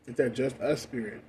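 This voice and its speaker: A young man ranting casually while high, profane and rambling, with loud bursts that drop to mumbling. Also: slight background noise. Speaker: vlogger. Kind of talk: casual rant.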